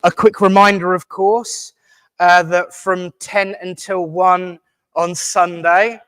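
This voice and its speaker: A man's voice: sits high, little pitch movement, takes it slowly, a bit bright, clean tone, no echo. A man hosting a church service, giving closing notices in a jokey, teasing, chatty way. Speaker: service host. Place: village hall.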